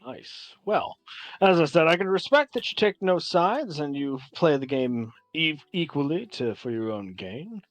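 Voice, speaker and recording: A man's voice: on the high side, sing-song, a little slow, no room sound, faint music behind. A man narrating as game master of a tabletop game, talking loosely with many fillers.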